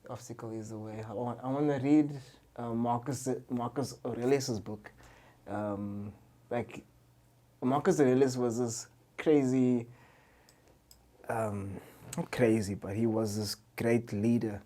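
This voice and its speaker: A young man, a musician guest on a podcast, telling stories in a loose, excitable way, full of slang and swearing. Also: mid-range voice, measured pace. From Cape Town, South Africa. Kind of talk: casual chat.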